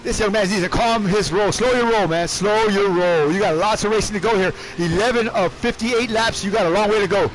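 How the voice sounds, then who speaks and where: High-voiced, excitable male race commentator. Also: slight background noise. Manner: animated, shouting in bursts, repeats words rapidly. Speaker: race commentator and league team owner. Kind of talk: excitable live sim-racing commentary.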